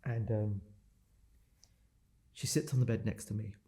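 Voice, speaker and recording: A man's voice: fairly low pitch, fairly even intonation, a little slow, warm tone. A man in his thirties, a podcast guest telling a painful personal story in a raw, intense way, swearing and repeating phrases for emphasis.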